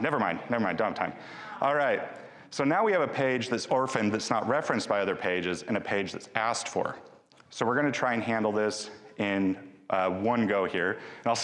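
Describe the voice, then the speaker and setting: A man's voice: lowish voice, a bit bright. A man giving a live conference talk with a demo, chatty and joking, often restarting his sentences. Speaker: conference speaker. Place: large conference hall. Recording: long hall reverb.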